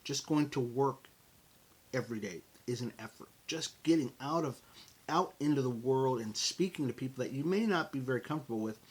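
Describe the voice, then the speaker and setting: A middle-aged American man hosting a motivational podcast, talking in an animated, conversational way and calling his listeners folks. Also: medium pitch, husky. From United States. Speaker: podcast host.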